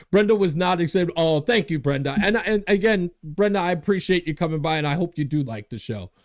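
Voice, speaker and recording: A man's voice: fairly high pitch, expressive, measured pace, long pauses. A man hosting a talk show, delivering a monologue, getting worked up, laughing at himself and reading out viewer comments. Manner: reads viewer comments aloud. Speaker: host.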